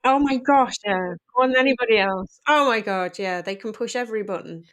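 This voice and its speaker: A woman's voice: a little high, fairly quick. A middle-aged woman speaking candidly and emotionally as a podcast guest about parenting. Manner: candid, emotional, animated storytelling. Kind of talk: personal conversation.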